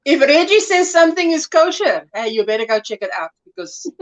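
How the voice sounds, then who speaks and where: A woman's voice: sits high, big pitch swings, a little fast. A South African woman hosting a casual livestream chat, reading viewer comments aloud and laughing often. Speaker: livestream host.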